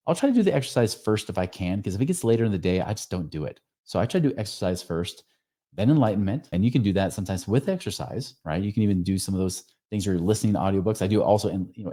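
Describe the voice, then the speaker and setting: A man's voice: lowish voice, warm tone. A man in his forties hosting a podcast, giving casual, earnest advice straight to the listener, with lots of fillers and self-corrections. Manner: speaks directly to the listener with rhetorical questions. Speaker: podcast host.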